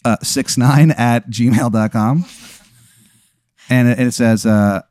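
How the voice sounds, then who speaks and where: A man spinning an improvised comic scenario in second person, rambling with many fillers in a deadpan way. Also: mid-range voice, slow pace, pauses often, dry recording, clean studio sound. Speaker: host running an improvised scenario. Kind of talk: casual comedic storytelling.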